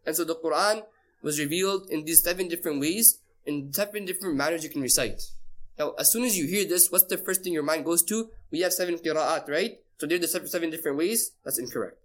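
A man's voice: on the high side, fast talker. A man teaching a casual class, quizzing his listeners and repeating key phrases for emphasis. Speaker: Islamic teacher.

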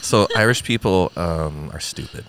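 Low-voiced playful male storyteller. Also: expressive, normal speed, gravelly, fairly bright tone, a little hiss or hum. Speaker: podcast guest. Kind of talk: casual chat.

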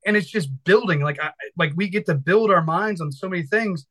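A man's voice: high-pitched, fairly quick, a bit bright, low-quality recording. A man in his thirties from Virginia, a firefighter instructor talking casually and energetically in an interview, rambling and swearing freely.

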